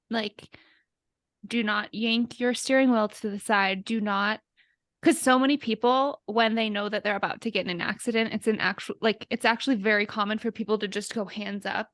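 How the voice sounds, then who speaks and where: A woman's voice: a little high, no room sound, clean studio sound. A woman co-hosting a podcast, talking casually and sympathetically, rambling with many filler words.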